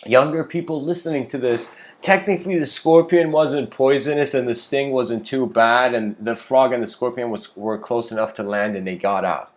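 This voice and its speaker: A man's voice: mid-range voice, moderate pace, few pauses. Male speaker, easygoing lecture delivery, loose and rambling. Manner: rambling, laid-back, says "you know" constantly, laughs often. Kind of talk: casual spoken lecture.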